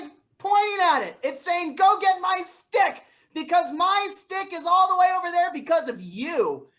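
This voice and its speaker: A young woman plays an excitable woman at the dog park, fussing over her own dog. Her voice sits high, and she keeps breaking into sudden shouts in this improv comedy scene. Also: exaggerated voice. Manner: animated, bursts into shouting.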